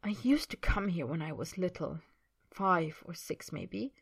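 A woman's voice: fairly low pitch, lively intonation, unhurried, vocal fry, breathy edge, exaggerated voice. A woman playing a sulky, defensive young man. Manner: hot-tempered, sulky, whispering urgently.

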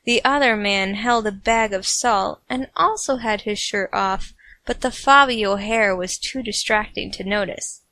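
A woman's voice: medium pitch, a little slow, pushed and bright, no room sound. A woman narrating a comic fan fiction story with playful, snarky asides.

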